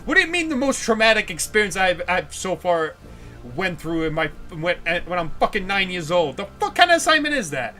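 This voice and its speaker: A man's voice: sits high, very animated, brisk, bright, forceful tone, soft background music. A young man from the United States who hosts a casual livestream, rambling and ranting with frequent swearing. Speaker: livestream host.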